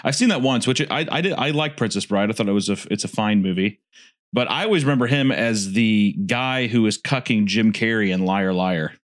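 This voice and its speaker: A man's voice: fairly low pitch, brisk. An American man co-hosting a podcast, chatting casually with crude jokes, rambling and often restarting his sentences. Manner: rambling, self-interrupting, crude humor. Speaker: podcast co-host. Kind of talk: casual chat.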